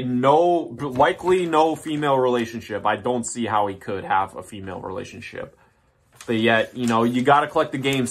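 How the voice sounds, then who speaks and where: In a mid-range, fairly bright voice, a man who makes commentary videos on YouTube rants his way through a list. He mocks and swears, drifting into tangents and starting over.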